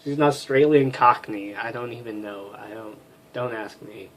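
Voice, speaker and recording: A man's voice: medium pitch, fairly even intonation, moderate pace, slight background noise. A man casually commenting on a story game, laughing often, swearing, and rambling. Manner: giggly, profane, rambling. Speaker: let's play host.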